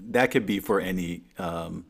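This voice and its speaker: A podcast co-host with a low, gravelly voice chats casually over a remote call, picked up by the call's mic. He talks at a normal speed but rambles, telling animated stories full of fillers and frequent restarts.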